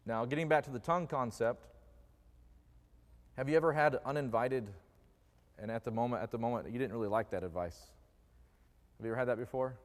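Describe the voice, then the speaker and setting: A man's voice: mid-range voice, brisk, long pauses. A man preaching a conversational sermon in a church, joking and putting questions to the congregation. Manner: jokey, quizzes the congregation with questions. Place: church sanctuary. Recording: long reverb of a church hall.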